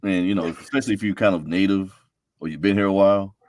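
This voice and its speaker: A man talks in a relaxed, instructive way as a podcast guest. His voice sits a little low. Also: quick pace, no room sound. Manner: coaching, instructive, easygoing. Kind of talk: casual podcast chat. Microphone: remote live-stream call.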